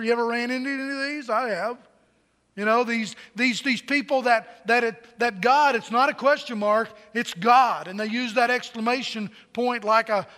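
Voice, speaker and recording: A man's voice: very high voice, sharp tone, in a large hall. A man preaching a sermon to a large congregation, joking and telling stories, with many repeated words. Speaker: pastor. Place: large church hall.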